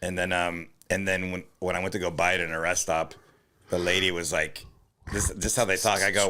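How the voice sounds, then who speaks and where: A man co-hosting a comedy podcast, chatting casually with dry, deadpan jokes. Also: sits low, fairly quick. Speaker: podcast co-host.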